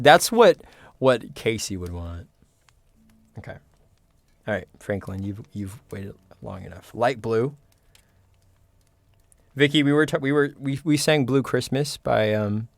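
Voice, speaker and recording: A man's voice: medium pitch, no room sound. Joking male streamer, dry close sound. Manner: playful, joking, laughs often. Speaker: livestream host. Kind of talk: karaoke singing and chatting with viewers.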